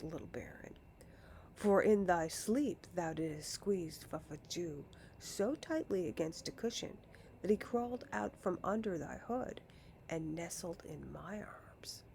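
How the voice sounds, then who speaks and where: A woman voicing a young ice princess speaking in a low, hushed whisper, in a storybook reading. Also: lively intonation, takes it slowly, gravelly, a little hiss or hum, heavily acted. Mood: mock displeasure. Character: gentle ice princess, young woman, cold-hearted but fond.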